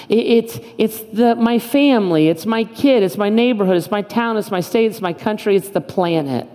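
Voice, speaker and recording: A man's voice: high voice, moderate pace, hardly any pauses, dark tone, long reverb tail. A man preaching a sermon as pastor, in an impassioned, emphatic way with lots of repetition. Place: church auditorium.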